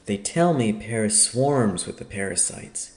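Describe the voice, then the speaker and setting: A man voicing a calm, sly male detective in disguise who speaks in a cool, offhand way in an audiobook. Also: lowish voice, measured pace, reverberant.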